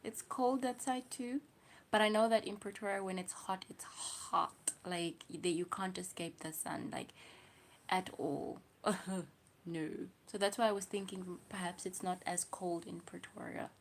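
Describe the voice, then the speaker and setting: Slow, half-whispering South African woman. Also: lowish voice. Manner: slow, musing, often drops to a whisper. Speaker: livestream host. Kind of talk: casual livestream chat reading comments.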